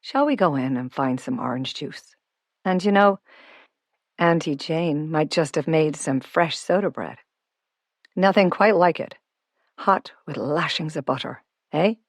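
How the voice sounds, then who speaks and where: A woman's voice: low voice, unhurried, no room sound, studio quality. A woman voicing a friendly, wealthy Irish man who is down to earth and teasing, with an Irish accent. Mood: genial. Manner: warm, teasing, homely.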